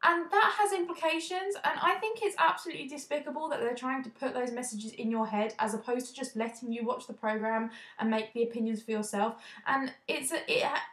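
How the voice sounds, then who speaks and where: A young woman from the UK giving a casual, indignant opinion vlog, talking quickly and often restarting her sentences. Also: fairly high pitch, fairly bright tone. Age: young adult. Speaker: vlogger. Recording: echoey room.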